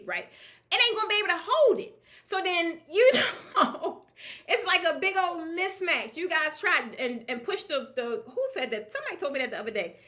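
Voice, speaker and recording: A woman running a draping business, giving a casual, lively talk to an audience of peers, laughing often and speaking in a colloquial, emphatic way. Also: very high-pitched.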